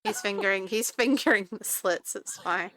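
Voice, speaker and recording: A woman's voice: mid-range voice, moderate pace, fairly bright tone, no echo. A woman streamer from New Zealand chatting casually and teasing, with a faint Kiwi-Australian accent. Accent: New Zealand, Australian-tinged. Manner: chatty, laughs often, teasing.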